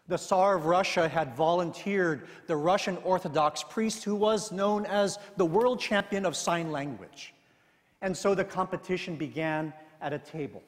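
A male pastor reading scripture and telling a story in a sermon, with measured, deliberate delivery. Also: sits high, in a large hall.

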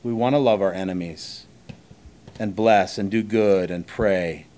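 In a low, dark-toned voice, a man preaches as a pastor, keeping it conversational. Rhetorical questions and emphatic pauses break up his short phrases.

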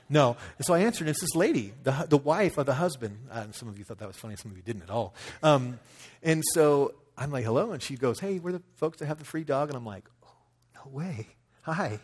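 Guy in his 30s preaching, chatty storytelling, mid pitch voice. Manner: conversational storytelling, acts out quotes. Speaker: pastor. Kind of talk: sermon with personal story.

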